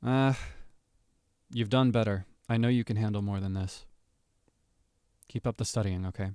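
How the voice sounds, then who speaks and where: A man voicing an overly praising male teacher who speaks gently and quietly, reading a voice-over request. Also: on the low side, steady tone, moderate pace, clean tone, dry recording, clean studio sound, close to an everyday voice. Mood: softly creepy. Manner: gentle, hushed, lingering praise.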